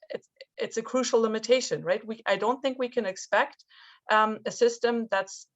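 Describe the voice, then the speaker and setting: A woman speaking on a panel discussion, thoughtful and often restarting her sentences. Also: mid-range voice. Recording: dull lo-fi call audio.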